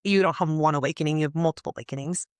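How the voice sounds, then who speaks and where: A woman's voice: low voice, rapid-fire, no echo. A woman hosting a podcast, speaking earnestly and emotionally in a flowing, heartfelt way about spiritual growth.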